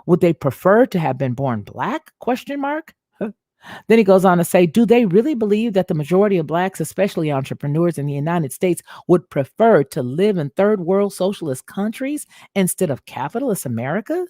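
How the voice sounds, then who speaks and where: A woman's voice: on the low side, sing-song, a little fast, hardly any pauses, dark tone, no room sound, clean studio sound. A woman hosting a commentary show, reading an article aloud and commenting on it in a conversational way. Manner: conversational, addresses viewers as y'all. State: feeling unwell, clearing throat.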